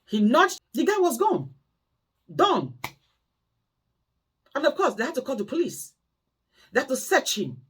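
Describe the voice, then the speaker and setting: A woman's voice: high-pitched, wildly swooping pitch, measured pace, pauses often. A woman carer vlogger telling cautionary stories and pleading emphatically with her audience. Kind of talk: impassioned storytelling monologue.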